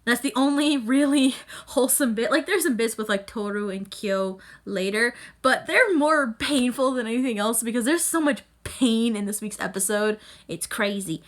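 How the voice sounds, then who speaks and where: A young woman hosting a casual reaction vlog about an anime episode, talking in an excitable, emphatic, rambling way with lots of fillers. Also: a little high, moderate pace. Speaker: anime reviewer YouTuber.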